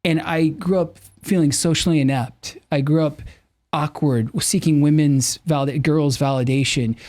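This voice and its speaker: A man's voice: a little high, fairly even intonation, normal speed, a little mellow, no room sound. A middle-aged man speaking earnestly and with animation as a podcast guest, telling personal stories and acting out the voices he quotes. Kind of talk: candid personal storytelling.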